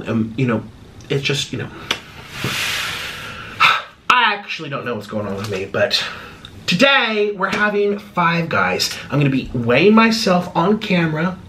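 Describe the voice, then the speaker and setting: Bubbly, lively man chatting while eating. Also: a little hiss or hum. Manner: swings between bubbly high exclamations and low mumbling asides; chews and talks while eating. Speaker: mukbang host. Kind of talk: casual eating vlog chat. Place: home, eating at a table.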